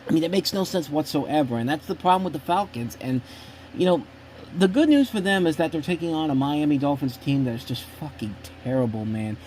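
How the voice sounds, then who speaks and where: A man's voice: on the high side, expressive, brisk, darkish tone, a little hiss or hum. A man hosting a show, giving casual sports predictions in a blunt, opinionated and rambling way with frequent restarts. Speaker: host.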